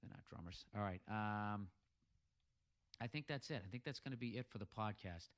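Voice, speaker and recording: With a fairly low pitch and a moderate pace, the US podcast host rants sarcastically through listener messages, swearing heavily in a comic, profane style.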